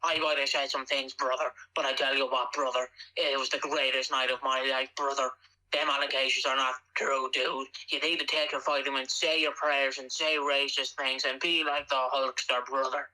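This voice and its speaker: A man doing a lowered, rambling impression of a boastful wrestling star, full of catchphrases. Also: little pitch movement, moderate pace, pushed and bright, poor audio. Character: parody of a famous male wrestler, boastful, rambling, conspiratorial.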